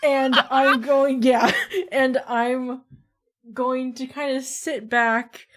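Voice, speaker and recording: A woman's voice: high voice, fairly even intonation, drawn-out words. A woman playing a tabletop game, asking tentative questions. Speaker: player. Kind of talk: casual tabletop play.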